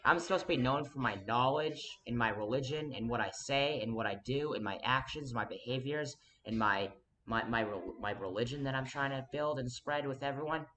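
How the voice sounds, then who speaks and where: Pushed and bright, a mid-range male voice moves a little fast in a vlogger's rambling address to the viewer. He's earnest and insistent, jumping between thoughts with sudden emphasis and repeatedly starting over.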